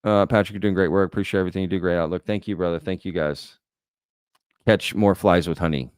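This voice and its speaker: A man's voice: low voice, steady tone, fast, a little mellow, clean tone, dry recording, clean studio sound. A man hosting a live stream, reading chat comments aloud and lecturing bluntly. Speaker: host.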